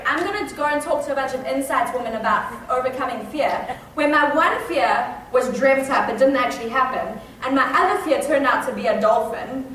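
Animated woman preaching in an echoey hall. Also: distant mic, a little hiss or hum. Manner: animated storytelling, shifts from hushed suspense to high excited outbursts. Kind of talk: sermon with personal story.

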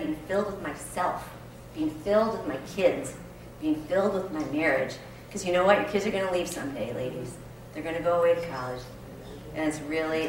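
A woman's voice: on the low side, fairly bright tone, slight background noise. A woman leading a women's Bible study, talking earnestly and emphatically, with many rhetorical questions. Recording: very echoey room, mic far off.

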